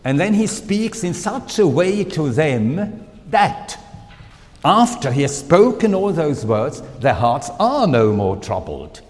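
A man with a German accent, a native German speaker, preaching a sermon in slow, deliberate phrases with pauses and fillers. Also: fairly high pitch, very animated, a little mellow, long reverb tail.

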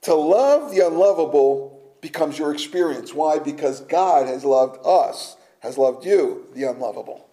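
A man preaching a sermon slowly and emphatically, sometimes dropping to a near-whisper for effect. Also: on the high side, expressive, warm tone, rough recording.

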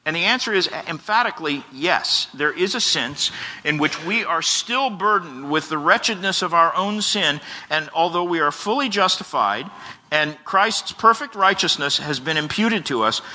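A man preaching an expository sermon as a pastor, speaking in an earnest, measured way and reading long quotations. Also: fairly high pitch, sharp tone. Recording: long reverb of a large hall.

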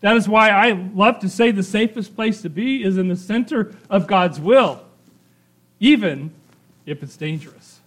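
High-voiced pastor preaching conversationally. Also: male voice, unhurried, a bit bright. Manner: conversational preaching with frequent "right?" asides. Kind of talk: sermon.

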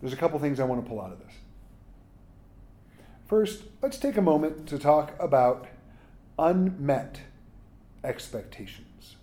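A man preaching a casual, conversational sermon as pastor. He reads scripture, then talks to his listeners with frequent asides, quick jokes and "right?". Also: on the high side, big pitch swings, dark tone.

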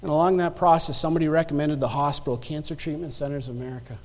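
A high-pitched male preacher delivers a sermon, telling a story from his own life. He drives home his points by repeating lines and calling out to the congregation. His voice rings with the long reverb of a church hall. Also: steady tone, very fast. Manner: emphatic, repeats key phrases, asks the congregation "Amen?". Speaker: pastor. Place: church sanctuary.

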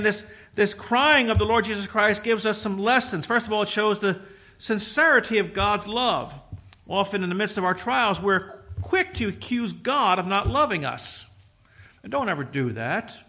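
A middle-aged man preaching a sermon, emphatic, swinging from loud exhortation to quiet, with repeated restarts. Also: sits high.

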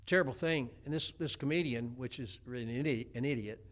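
A man's voice: mid-range voice, quick pace. A middle-aged man preaching a homespun sermon, chatty, with many stammered restarts. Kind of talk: folksy sermon.

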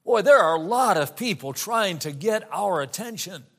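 A middle-aged man delivers a sermon in a high, light voice. He tells a homey story with easy asides, then slows right down when he quotes scripture. His manner is warm, plain pulpit storytelling. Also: lively intonation. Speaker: pastor.

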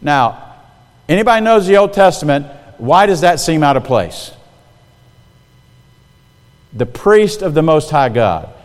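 A man preaching a sermon, animated and lively, asking his listeners direct questions. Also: on the high side, unhurried, long pauses, in a large hall. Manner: animated, talks straight to the audience with questions.

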